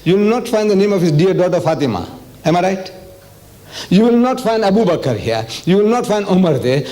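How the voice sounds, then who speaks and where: An older man from South Africa giving an animated public religious lecture, asking the audience questions and reading passages aloud. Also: sits high.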